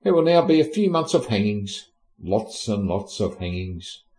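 A man's voice: on the low side, very animated, moderate pace, a little mellow, rough recording. A man narrating history in an irreverent, comic way, cheeky and sweary with lots of slang.

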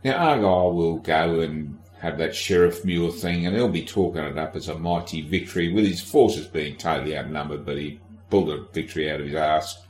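Low-voiced, irreverent male podcast host. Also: a little fast, few pauses, a little mellow, roomy sound. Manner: irreverent, sardonic, swears casually; addresses the listener directly. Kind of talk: casual history podcast narration.

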